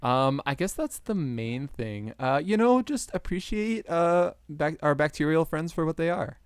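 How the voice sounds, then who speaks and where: A man guesting on a podcast with a smooth radio-style voice, chatty and self-mocking, laughing often. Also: fairly high pitch, lively intonation, measured pace, no room sound. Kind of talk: casual podcast chat.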